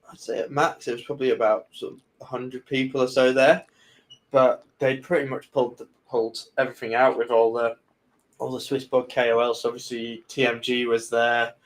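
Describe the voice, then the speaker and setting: A man hosting a podcast, telling anecdotes in a relaxed way with frequent fillers. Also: mid-range voice, brisk. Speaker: podcast host. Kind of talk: casual podcast chat.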